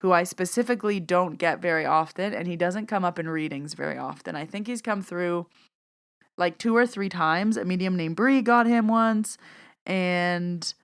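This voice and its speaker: A woman's voice: lowish voice, a bit bright, smooth. A woman hosting a podcast, telling a personal story in a chatty way and often acting out both sides of a conversation. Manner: chatty, retells conversations with quoted dialogue. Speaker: podcast host and medium. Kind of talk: casual storytelling monologue.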